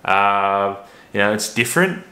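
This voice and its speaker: A man with a deep, low voice hosts a casual movie review vlog. His tone is bright and forceful, but his talk rambles, with stops and restarts along the way. The room around him rings with noticeable echo. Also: expressive, measured pace. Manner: rambling, hesitant, many restarts. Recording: roomy echo.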